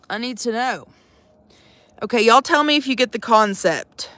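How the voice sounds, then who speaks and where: In a casual livestream, a young vanlifer with a drawl talks into her phone, teasing viewers, swearing freely, sassy, and calling them "y'all." Her slightly high, expressive voice swings widely in pitch, bright and forceful, moving at a moderate pace with frequent pauses. The recording is close and dry, with no room ring.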